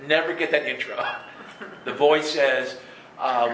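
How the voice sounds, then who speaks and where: A man telling stories from his life in an animated way, laughing and acting out voices. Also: medium pitch, slow pace, slight background noise. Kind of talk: storytelling talk. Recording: echoey room with faint ambience.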